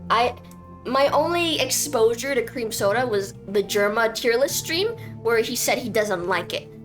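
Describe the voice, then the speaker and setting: A woman's voice: on the high side, animated, measured pace, faint music behind. Goofy, rambling young woman streamer. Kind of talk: casual game commentary.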